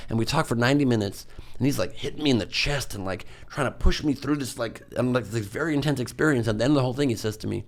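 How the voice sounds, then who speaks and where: A man's voice: on the low side, racing, creaky. A man, a comedian guest on a podcast, telling stories in a rambling, self-mocking way with lots of fillers. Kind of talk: casual podcast storytelling.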